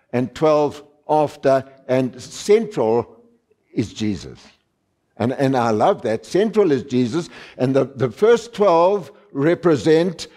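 A man preaching a sermon, slow and emphatic, repeating key phrases and stressing single words. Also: medium pitch, mellow. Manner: repeats phrases and restarts with fillers.

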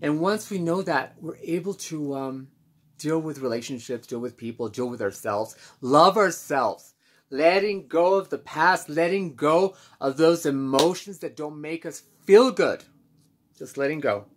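A man speaking candidly as host of his own self-help channel, reflective and halting with many pauses and restarts. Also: a little high, expressive. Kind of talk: candid personal monologue.

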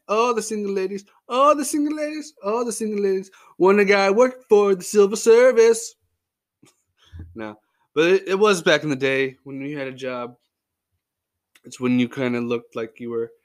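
A man hosting a sports history podcast, telling stories in a joking, goofy way. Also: mid-range voice. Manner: joking, goofy, lively storytelling. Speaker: podcast host. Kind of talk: casual podcast narration.

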